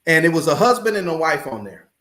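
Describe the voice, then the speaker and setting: A man's voice: a little high, very animated, fast talker, fairly bright tone, reverberant. A man who is a pastor and a guest on a talk show, preaching with building passion and repeating key phrases. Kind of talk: preaching in a podcast interview.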